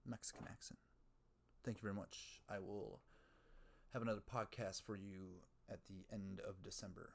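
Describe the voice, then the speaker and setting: A podcast host with a fairly low voice talks in a loose, rambling way. He swears freely and thinks out loud. He mocks himself as he goes. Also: moderate pace, creaky. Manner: rambling, profane, self-mocking, muses aloud. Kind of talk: casual rambling monologue.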